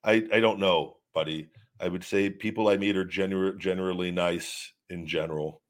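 Casual live-stream host, male, lowish voice, candid and rambling, answers chat questions off the cuff. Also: fairly even intonation, normal speed.

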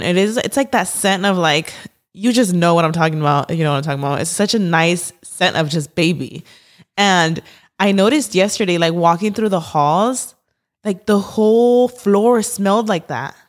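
A woman in her thirties hosting a podcast, chatting casually and rambling excitedly with many fillers. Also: on the low side, moderate pace. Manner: gushing, rambling, lots of "like" and "y'all". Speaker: podcast host. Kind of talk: casual chat.

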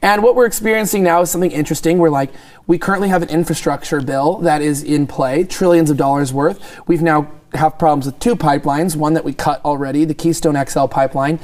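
Fast-talking joking man. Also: fairly high pitch, fairly even intonation, a little mellow. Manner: joking, laughs often, sarcastic. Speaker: guest commentator. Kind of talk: casual political chat.

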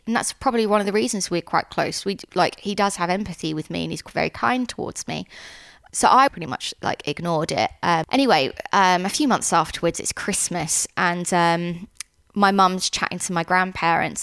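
A young woman giving an earnest personal account in an interview, halting often with ums and restarts. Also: lowish voice, vocal fry, fairly bright tone. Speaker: interviewee, sister of a convicted man.

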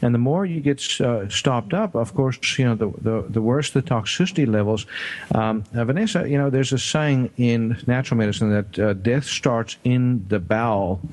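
A man who hosts a radio health show, chatting casually and haltingly, with many fillers and restarts. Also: medium pitch, darkish tone. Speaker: radio show host, naturopathic doctor.

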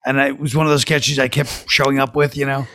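A man's voice: medium pitch, little pitch movement, fast talker, bright, forceful tone, no echo. A man, a guest comedian, telling rambling anecdotes in a dry way. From Brooklyn, New York. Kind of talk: casual chat, storytelling.

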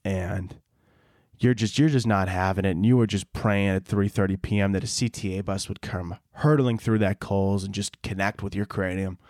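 A man's voice: deep voice, fairly even intonation, normal speed, dry recording, clean studio sound. Man ranting sarcastically on a podcast. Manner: exaggerated, sarcastic ranting with dark humor; rambling, self-interrupting storytelling. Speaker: podcast host. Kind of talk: comedic podcast rant.

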